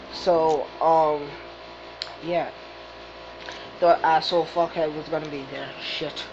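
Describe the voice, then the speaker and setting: Woman gamer, swearing, excitable commentary, unhurried delivery, muffled audio. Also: fairly low pitch. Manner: profane, excitable, swearing at the game. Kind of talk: game commentary. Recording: dull lo-fi recording with game music.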